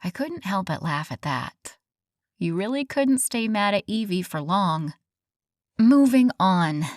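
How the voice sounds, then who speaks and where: Brief: female audiobook narrator, mid-pitch, dry studio sound, expressive first-person read. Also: a little slow, no echo.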